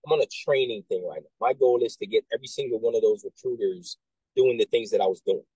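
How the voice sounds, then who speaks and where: A man working as a military recruiter, talking casually and telling animated stories with many restarts and asides. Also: lowish voice, fast, breathy edge, no echo, low-quality recording. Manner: animated storyteller, acts out quoted voices, many restarts and "right?". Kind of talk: casual conversation.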